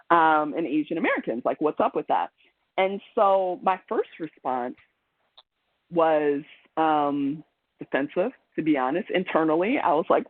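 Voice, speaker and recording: A man presenting a webinar as a trainer, speaking in a chatty, conversational lecture style with frequent ums and restarts over a video call. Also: a little high. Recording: tinny phone-like call audio.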